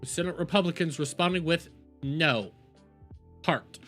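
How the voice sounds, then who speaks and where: A woman's voice: sits low, unhurried, faint music behind. A woman streamer giving reaction commentary, ranting in exasperation and often repeating her words.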